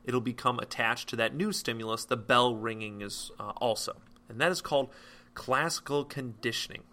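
A man explains a psychology topic in a relaxed classroom style. His voice is bright and forward. He talks loosely, with plenty of fillers and quick self-corrections. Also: mid-range voice. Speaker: psychology teacher. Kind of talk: casual explanatory lecture.

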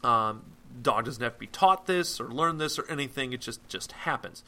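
Bright-voiced man giving a casual lesson. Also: mid-range voice, lively intonation, moderate pace. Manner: loose and chatty, many fillers and self-corrections. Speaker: psychology teacher. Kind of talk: casual explanatory lecture.

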